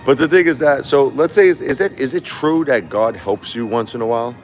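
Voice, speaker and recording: A middle-aged man hosts a live stream, telling rambling stories in a mid-range voice at a brisk clip, often repeating himself and laughing. Soft music plays in the background of this casual storytelling session.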